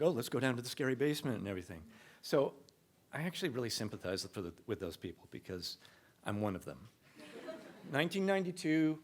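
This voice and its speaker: A man telling a true story live on a comedy club stage, talking in a conversational, animated way and acting out what people said. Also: mid-range voice.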